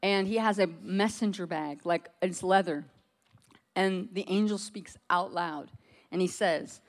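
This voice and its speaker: A woman's voice: fairly low pitch, measured pace. An American woman preaches a personal testimony to her congregation. She tells it like a casual story, loose and conversational, with plenty of "like" along the way. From United States.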